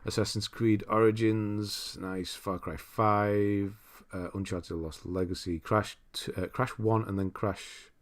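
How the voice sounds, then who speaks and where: A man with a deep, low voice hosts a casual live stream. He rambles easily, reads out viewers' messages and breaks into laughter often. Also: takes it slowly, few pauses. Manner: relaxed, rambling, reads chat aloud with frequent laughs. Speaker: streamer host.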